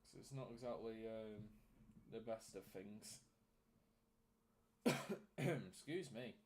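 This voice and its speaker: A man's voice: fairly low pitch, slow pace, a little hiss or hum. A young man streaming, reading out football scores and chatting with viewers as he commentates on a match. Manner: reels off scores in a flat list, chatty with viewers. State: out of breath. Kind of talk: casual live-stream chat and commentary.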